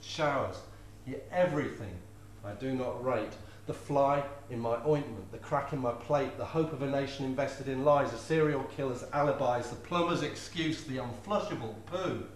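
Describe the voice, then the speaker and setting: A man's voice: mid-range voice, far from the mic, slight background noise. A man, performing comic poetry live with a rhythmic, playful delivery. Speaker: poet. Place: live venue before an audience. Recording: echoey room with faint ambience.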